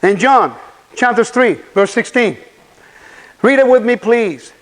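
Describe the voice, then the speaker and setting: A man's voice: high voice, normal speed, pauses often, poor audio. A man giving a conference sermon, preaching animatedly and putting rhetorical questions to the audience. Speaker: conference speaker. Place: conference hall.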